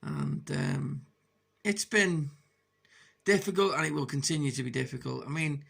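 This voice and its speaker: A man's voice: on the high side, fairly even intonation, moderate pace, vocal fry, a bit bright, husky. A man talking frankly in a personal video diary, hesitant and full of restarts as he opens up about struggling. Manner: hesitant, many restarts and fillers. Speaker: vlogger.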